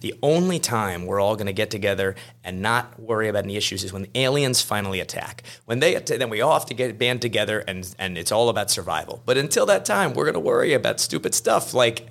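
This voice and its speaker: A man with a low, gravelly voice is a guest on a podcast. He is an attorney who tells rambling stories and often stops to restart his sentences, with plenty of filler words along the way. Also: expressive, fast, few pauses, a bit bright. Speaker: estate planning attorney, guest. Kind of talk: podcast interview conversation.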